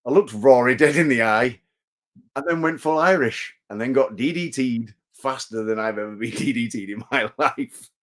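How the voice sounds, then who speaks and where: A man's voice: mid-range voice, normal speed, a bit bright. A man, a wrestler guesting on an interview show, telling rambling self-deprecating stories. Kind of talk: casual interview chat.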